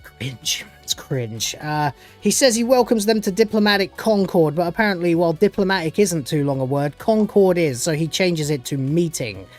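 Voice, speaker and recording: A man's voice: high voice, animated, a little fast, few pauses, darkish tone, soft background music. A man giving a casual spoken recap of a TV episode as a reviewer, sarcastic and dismissive, rambling with many fillers. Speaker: show reviewer.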